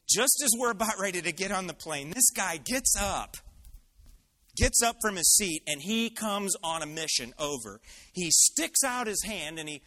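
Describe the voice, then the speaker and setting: A male pastor telling a personal story in an animated sermon. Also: high-pitched, normal speed.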